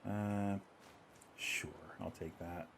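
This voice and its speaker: A man's voice: low-pitched, steady tone, very slow, gravelly, slight background noise. Easygoing man chatting through his gameplay. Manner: chatty, talks to himself and the game, chuckles often. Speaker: streamer playing a video game. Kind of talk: casual gameplay commentary.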